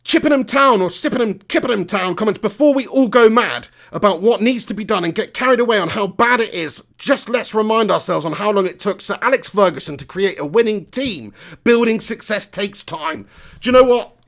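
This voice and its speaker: A young man rants through a live football reaction stream. His voice sits high and has a gravelly edge. He swears freely and piles up rhetorical questions. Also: animated, brisk, a bit bright. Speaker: football fan channel host. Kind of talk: live match reaction rant.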